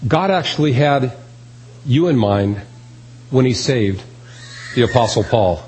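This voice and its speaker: A man's voice: medium pitch, expressive, measured pace, a little mellow, a little hiss or hum, poor audio. A man preaching a sermon, earnest and emphatic, repeating key phrases. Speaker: pastor.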